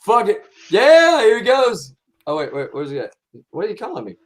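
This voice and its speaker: High-voiced, profane livestream host. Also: male voice, normal speed. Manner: profane, rambling, excitable. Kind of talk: casual livestream chat.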